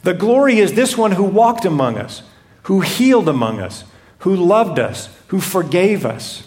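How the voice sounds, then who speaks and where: A man's voice: sits high, very animated, unhurried, a little mellow. A man preaching a sermon, reading scripture and retelling it expressively with dramatized voices. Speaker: pastor.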